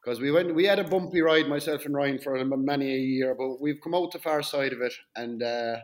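A man's voice: mid-range voice, steady tone, a little fast. A man hosting a casual interview, chatty, asking leading questions and teasing his guest. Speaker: interview host.

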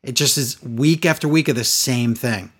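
A man's voice: medium pitch, moderate pace, a bit bright, slightly rough. A man in casual chat, reviewing a wrestling show with sarcastic, exasperated commentary.

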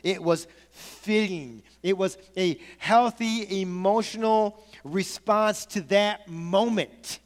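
A man delivers a sermon in a conversational, animated way, moving between storytelling and casual asides to his congregation. His voice sits high for a man. The sound carries the long reverb of a large hall. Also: slow. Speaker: pastor.

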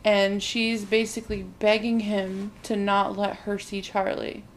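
Woman co-host, casual movie recap, animated, voices the characters, faint ambient noise. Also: medium pitch, unhurried. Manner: animated storytelling, acts out characters' lines, frequent "like".

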